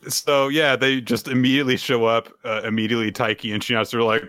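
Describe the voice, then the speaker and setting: A man co-hosting a podcast, casually recapping a manga chapter with jokes and quick acted quotes. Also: mid-range voice, little pitch movement, fairly bright tone, dry recording, clean studio sound. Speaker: podcast co-host.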